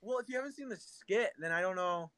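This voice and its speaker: A man's voice: sits high, lively intonation, fast talker, a bit bright, no echo, low-quality recording. A young man co-hosting a casual podcast chat, joking, teasing and rambling. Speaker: podcast co-host.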